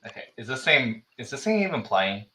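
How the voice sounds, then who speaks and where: Bright-voiced man hosting in an echoey room. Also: medium pitch, sing-song. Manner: chatty, halting, restarts often. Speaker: podcast host. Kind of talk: casual chat, reading a listener letter.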